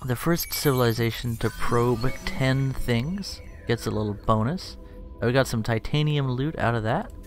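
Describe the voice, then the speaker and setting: A man's voice: mid-range voice, normal speed. A man giving casual, joking, self-deprecating commentary as he plays a strategy game and thinks aloud. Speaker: let's play streamer. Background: game music.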